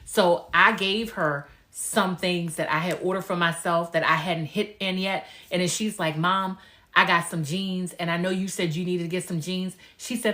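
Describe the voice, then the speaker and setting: A woman's voice: on the low side, moderate pace, bright, forceful tone. A woman in her forties chatting casually on a live stream as a lifestyle coach, confiding and emotional as she tells personal stories.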